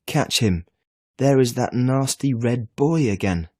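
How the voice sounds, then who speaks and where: A man's voice: fairly low pitch, slow, darkish tone, dry recording, clean studio sound. A man reading a storybook, voicing a small boy who has told a fib and gets upset. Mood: frantic. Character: small boy Jimmy, fibbing and easily upset.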